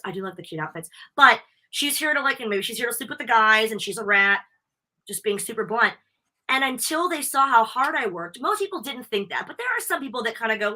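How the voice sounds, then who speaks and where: A bubbly young American woman talks fast and freely in a live podcast interview. Her voice is bright and forward, and she tells stories with plenty of lift and animation. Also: a little high. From United States. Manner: bubbly, talkative, animated storytelling. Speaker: wrestling interviewer and guest. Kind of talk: casual live interview chat.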